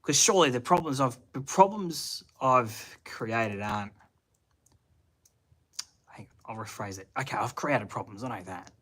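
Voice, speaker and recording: Casting note: broad Australian bloke, bright, forward tone, rambling and slangy, live chat from the shed. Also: male voice, mid-range voice, measured pace, husky. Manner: rambling, thinks aloud with restarts and Aussie slang. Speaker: channel host answering live chat. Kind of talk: casual livestream chat. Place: home shed at night.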